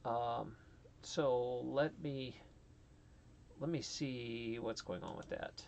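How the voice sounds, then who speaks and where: A man's voice: mid-range voice, steady tone, slow, vocal fry, darkish tone, slight background noise. A man hosting a casual live stream, rambling and a little flustered as he works things out, laughing at himself often. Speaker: livestream host.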